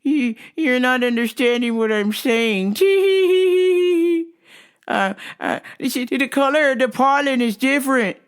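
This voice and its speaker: A woman putting on the voice of an odd older male store customer who talks insistently and breaks into high tittering giggles. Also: moderate pace, hardly any pauses, clean tone, natural voice. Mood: insistent, giggly. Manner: high-pitched, repeats himself, tittering giggles.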